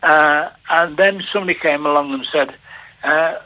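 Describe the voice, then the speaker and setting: An older man, a television producer, telling a story on the radio with halting repeats and lively delivery. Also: on the high side, dull audio. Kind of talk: anecdotal storytelling.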